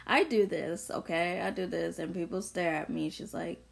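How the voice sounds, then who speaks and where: A woman's voice: on the low side, normal speed, gravelly. A young woman vlogger ranting bluntly through an unscripted monologue, full of profanity and confrontation. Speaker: vlogger sharing opinions.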